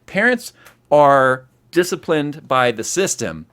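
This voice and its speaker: A man hosting a casual livestream chat, telling stories in an animated way and acting out the scenes. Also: fairly high pitch, slow pace, clear, resonant tone. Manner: animated storyteller who acts out scenes. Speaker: host.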